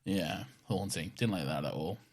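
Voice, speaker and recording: A man's voice: sits low, gravelly. A man co-hosting a podcast in casual chat, wry and laid-back. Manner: wry, laid-back, slips into quick impressions. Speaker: podcast co-host.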